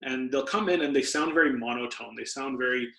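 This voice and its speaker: A man's voice: mid-range voice, a little fast, gravelly, bright, forceful tone. A man, a doctor, patiently explaining health tips as a podcast guest. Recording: roomy echo.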